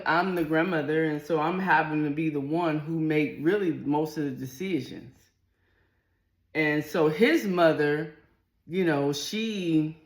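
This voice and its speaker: A middle-aged woman, telling a personal story to camera in a candid, earthy, blunt way. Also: sits low. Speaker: vlogger. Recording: echoey room.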